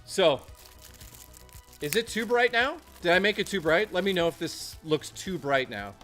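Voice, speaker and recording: A man's voice: fairly high pitch, a bit bright. Chatty streamer man, faint music. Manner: rambling, chatty, reads chat aloud. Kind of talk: casual live-stream chat.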